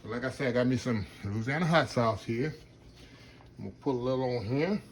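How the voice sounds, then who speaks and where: A chatty cooking channel host eats on camera in a casual vlog, talking with his mouth full and murmuring "mm" as he chews. He uses Southern phrasing like "y'all," speaking fairly quickly in a mid-range voice over slight background noise.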